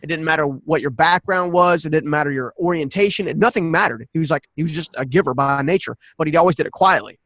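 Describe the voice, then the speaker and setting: A man in his forties, a podcast guest, telling a personal story in an animated, earnest way and often restarting his sentences. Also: fairly high pitch, fast, hardly any pauses, no room sound. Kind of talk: personal storytelling in a conversational interview.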